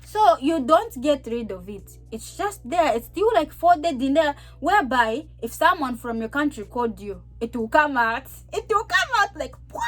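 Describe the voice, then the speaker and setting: A young woman from Zambia with a Zambian accent, talking casually and animatedly to her vlog audience, repeating herself and laughing often. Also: sits high. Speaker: vlogger. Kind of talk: casual chat to camera.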